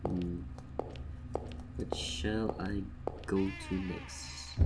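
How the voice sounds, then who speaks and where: A man giving casual, joking game commentary, swinging between mumbles and loud outbursts. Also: low-pitched, flat delivery, takes it slowly, heavy background noise. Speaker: let's play gamer.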